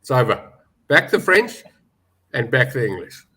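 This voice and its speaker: A man's voice: mid-range voice, big pitch swings, unhurried, pushed and bright, breathy edge. A man giving betting opinions as a pundit, confident and emphatic, with some joking. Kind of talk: casual sports betting chat.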